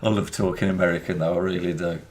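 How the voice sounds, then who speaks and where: A gaming YouTuber from England with a Birmingham accent chats casually over gameplay, rambling and chuckling often. His low voice moves fast with fairly even intonation.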